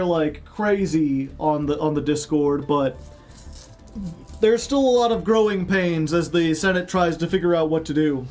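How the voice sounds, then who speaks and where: A man's voice: a little high, darkish tone. A man who grew up in Chicago, chatting casually with stream viewers in a rambling way full of fillers and joking asides.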